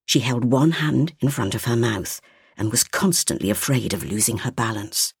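A woman reading a story aloud, slowly and expressively. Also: rumbling low, vocal fry, breathy edge, no room sound, studio quality. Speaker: narrator.

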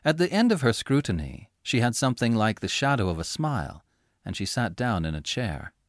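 A man reading a classic story aloud as narrator, with measured, expressive storytelling. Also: mid-range voice, dry recording, clean studio sound. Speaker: audiobook reader. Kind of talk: scripted narration.

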